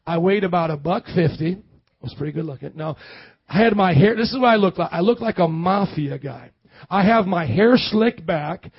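A man from the American Midwest preaching a sermon as pastor, animated and calling on the congregation to answer back. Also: high voice, normal speed, breathy edge, no echo, dull audio. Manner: animated, calls for congregation responses.

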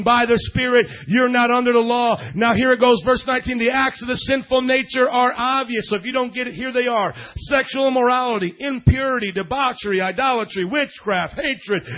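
A man preaching a lively sermon, acting out voices and shouting for emphasis. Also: extremely high pitch, muffled recording. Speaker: pastor.

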